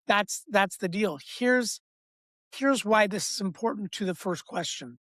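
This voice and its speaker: A man who works as a breathwork coach, explaining in a podcast interview with an emphatic, repetitive teaching cadence and an animated delivery. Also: sits high, measured pace, no room sound. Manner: animated, acts out inner voices.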